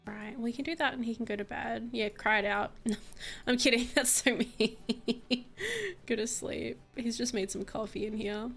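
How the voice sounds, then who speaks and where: A woman's voice: fairly high pitch, measured pace, creaky. Bubbly young woman gaming. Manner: bubbly, gushing, swings between soft murmurs and excited squeals. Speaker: gaming YouTuber. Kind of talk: casual gameplay commentary. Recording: faint music bed.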